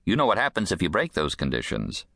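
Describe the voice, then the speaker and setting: A man's voice: deep voice, huge pitch swings, fast talker, creaky, sharp tone, no room sound, exaggerated voice. A male audiobook narrator playing a probation officer who questions people in a firm, probing, dry way.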